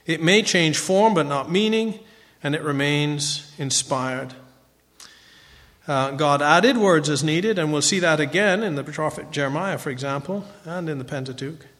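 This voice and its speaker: A man's voice: fairly high pitch, bright, forceful tone, big-room sound. A man giving a conversational Bible teaching lecture, often checking in with a rhetorical "right?".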